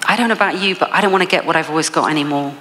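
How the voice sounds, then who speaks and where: A woman's voice: low voice, rapid-fire, bright, forceful tone, in a large hall. A woman with an English accent giving a motivational keynote speech, telling a story with frequent laughs. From England. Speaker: motivational speaker.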